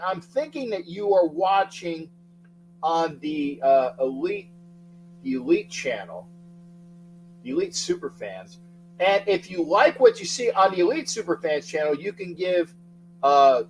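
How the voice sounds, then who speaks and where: Middle-aged male sports streamer, lively up-and-down delivery, slightly high voice, shouty greetings, rambling chat. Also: slight background noise, poor audio. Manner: excitable, shouts out viewer names, rambling. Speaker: livestream sports talk host. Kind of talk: casual livestream chat greeting viewers.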